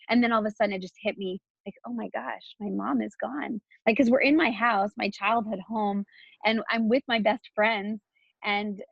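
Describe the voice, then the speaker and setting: Texas woman in her 30s telling her story, lots of likes and restarts, bit of fry in her voice, dry dull sound. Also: mid-range voice, no echo. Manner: talks in a loose flow, with many "like" and restarts. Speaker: interview guest. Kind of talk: candid personal interview.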